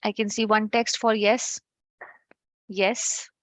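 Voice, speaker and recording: A woman's voice: mid-range voice, level tone, slow pace, no room sound. A woman teaching an online French class, chatty and checking in with her students.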